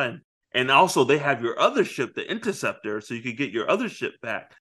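A man's voice: mid-range voice, sing-song, pushed and bright, husky. Man retelling a movie, acting out lines. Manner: retells scenes, acting out lines in quick voices. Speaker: podcast co-host. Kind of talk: casual movie review chat.

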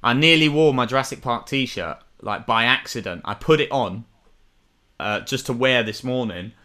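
A young man talks through a casual podcast chat at an easy, relaxed pace. His voice is bright and forward, and he keeps it loose and friendly with slang. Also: mid-range voice, normal speed. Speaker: podcast co-host. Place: home, remote call.

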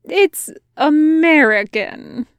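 A woman's voice: sits high, animated, very slow, no echo, clean studio sound, pitched above the performer's own voice, full character voice. A woman voicing a grinning, pushy young male soldier who teases his friend. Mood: teasing. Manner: teasing, bright and pushy.

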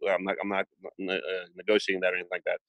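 A man's voice: low voice, rapid-fire, no room sound, lo-fi sound. A man chatting casually, telling anecdotes and acting out the dialogue. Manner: animated storyteller, acts out dialogue. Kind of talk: casual chat.

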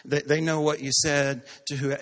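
A man's voice: fairly high pitch, level tone, normal speed, fairly bright tone. A man preaching a sermon to a congregation, acting out little everyday dialogues and building to emphatic, repeated points. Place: church sanctuary. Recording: long hall reverb from the church.

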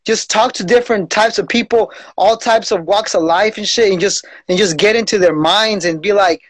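Laid-back man with a higher voice. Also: normal speed, a bit bright. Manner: laid-back, slangy, says "bro" often. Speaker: podcast host. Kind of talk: casual conversation.

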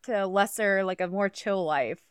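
Woman, podcast co-host, giggly, rambling, swearing, smooth voice, dry close mic. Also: medium pitch, moderate pace, no echo. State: high on cannabis. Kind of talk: casual podcast chat.

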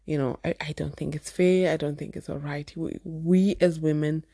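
A woman with a Zimbabwean accent speaks to camera in an earnest, emphatic way and often says her main point twice. Her voice sits fairly low for a woman. The sound is close and dry, with no room echo. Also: fairly even intonation, moderate pace, dark tone. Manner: earnest and emphatic, repeats key phrases. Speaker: parenting vlogger. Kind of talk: candid personal talk to camera.

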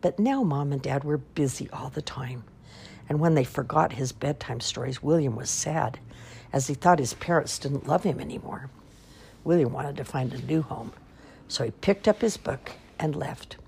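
A woman reading children's picture books aloud in an expressive, sing-song storytelling manner. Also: extremely low pitch, normal speed, vocal fry, slight background noise.

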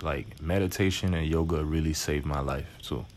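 A man's voice: rumbling low, normal speed. A man hosting a casual conversation, encouraging and informal. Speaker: podcast host.

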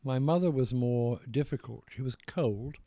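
An older man with a posh English accent, speaking as an author in an interview, measured and hesitant, often restarting his sentences. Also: medium pitch, mellow, no echo. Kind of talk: reflective interview conversation.

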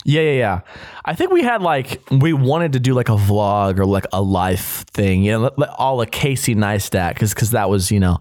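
A man's voice: lowish voice, sing-song, moderate pace, darkish tone. Young man, podcast co-host, casual chat, rambling, profane, filler-heavy.

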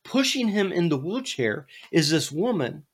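Man, podcast host, animated comic storyteller, lively pitch. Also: moderate pace, breathy edge. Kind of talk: casual storytelling.

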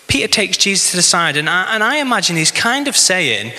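A man's voice: high-pitched, very animated, a little fast, hardly any pauses, bright, forceful tone. A man preaching a sermon in a conversational way, with many rhetorical questions. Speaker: pastor. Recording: long reverb in a hall.

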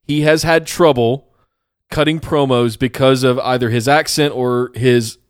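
A man's voice: medium pitch, fairly even intonation, measured pace, smooth, no room sound, studio quality. A man co-hosting a casual podcast who agrees and makes his points earnestly. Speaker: podcast co-host.

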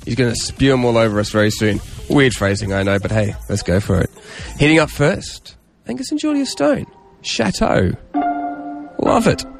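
An Australian man hosting a community radio music show, upbeat and quick to laugh. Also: medium pitch, sing-song, creaky. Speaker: radio host.

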